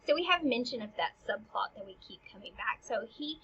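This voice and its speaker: A woman's voice: on the high side, animated, fairly quick, a bit bright, slightly rough, highs cut off. A woman teacher explaining a play in casual language, paraphrasing each line into plain modern talk.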